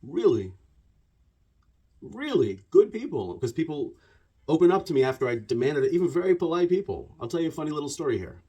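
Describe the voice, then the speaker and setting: A man delivering a conversational storytelling monologue about religion. He talks in an animated, digressive way and piles up repeated words. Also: fairly high pitch, a little fast, husky. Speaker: religious commentator.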